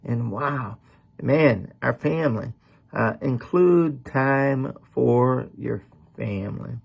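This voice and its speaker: A man's voice: medium pitch, expressive, slow pace, creaky. A middle-aged man preaching a sermon as a pastor, talking in a folksy, conversational way with lots of "man" and "you know.".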